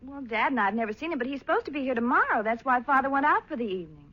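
A woman's voice: sits high, lively intonation, very fast, pushed and bright, dull audio, heavily acted. A woman doing 1940s radio comedy acting as an exasperated girlfriend, scolding her beau. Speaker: girlfriend character.

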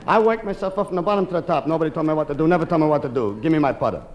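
A man acting out a gruff, boastful self-made golfer who refuses all advice, as part of a stand-up comedy routine. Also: fairly high pitch, very fast, dull audio, a faint crowd, a little hiss or hum, close to an everyday voice. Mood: blustering. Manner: blustering, insistent.

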